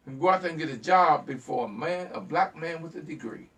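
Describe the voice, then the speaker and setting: A man's voice: a little high, a little fast, a bit bright, distant mic. A man hosting a call-in talk show, preaching fiercely to listeners, repeating himself and stumbling over words as he gets worked up. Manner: fiery, preachy, repeats phrases and stutters when worked up. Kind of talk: impassioned call-in talk monologue.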